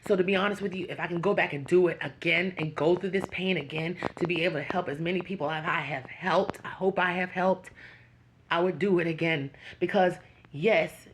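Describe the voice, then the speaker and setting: A woman speaks directly to her viewers in a slightly low voice. Her talk is earnest and heartfelt, rising into preaching encouragement. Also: moderate pace, a little hiss or hum, low-quality recording. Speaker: YouTube channel host. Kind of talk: emotional direct-to-camera talk.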